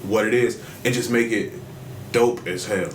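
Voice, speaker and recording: A man's voice: fairly low pitch, steady tone, moderate pace. A man co-hosting a podcast, chatting casually in a laid-back, slangy way. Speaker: podcast co-host. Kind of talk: casual chat. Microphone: streamed live podcast mic. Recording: roomy with faint background noise.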